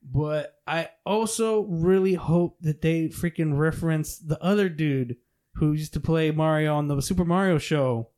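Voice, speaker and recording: A man's voice: on the high side, measured pace, darkish tone. A man in casual chat, chatty and enthusiastic, explaining what he hopes to see.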